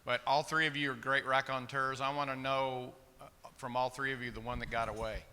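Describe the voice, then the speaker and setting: A man in an audience politely asking a question, halting with fillers. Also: medium pitch, flat delivery, pushed and bright, slight background noise. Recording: long hall reverb.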